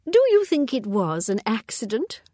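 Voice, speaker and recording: A woman voicing a gentle, probing elderly lady sleuth. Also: fairly high pitch, sing-song, moderate pace, dry recording, studio quality, voice pushed up. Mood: mild, probing. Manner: mild, probing, polite questions. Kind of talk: audiobook character reading.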